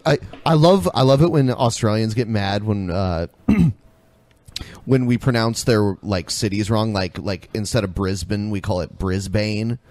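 A man's voice: lowish voice, animated, unhurried, darkish tone. A man in casual podcast banter, ranting with frequent halts and repeated words. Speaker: podcast co-host.

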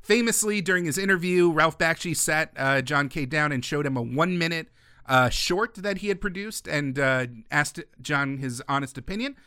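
A male podcast co-host in opinionated, animated casual chat, quick with asides. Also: fairly high pitch, clean tone, no room sound, clean studio sound.

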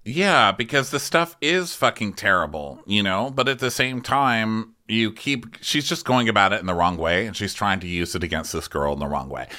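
A man's voice: fairly low pitch, lively intonation, normal speed, few pauses, pushed and bright. A man co-hosting a comedy podcast, casually recapping a reality show, swearing and acting out quotes in mocking voices. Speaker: podcast co-host.

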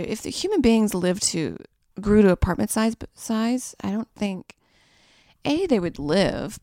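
A woman's voice: mid-range voice, warm tone, no echo, clean studio sound. A young woman hosting a podcast, riffing through a crude, rambling comedic monologue. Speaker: podcast host.

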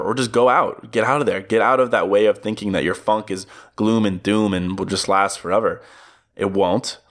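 Man, young adult, solo podcast host, casual motivational talk, lowish voice, chuckles at himself. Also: a bit bright. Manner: casual, upbeat, chuckles at his own jokes.

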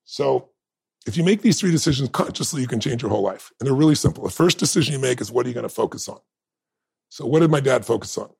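Gravelly, husky man telling stories. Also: mid-range voice, no room sound. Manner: animated, emphatic storyteller. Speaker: guest. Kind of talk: storytelling interview talk.

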